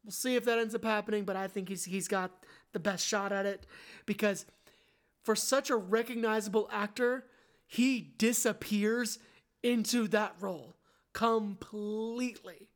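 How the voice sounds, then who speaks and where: A woman's voice: mid-range voice, steady tone, unhurried. Woman, podcast co-host, casual film chat, candid, self-correcting.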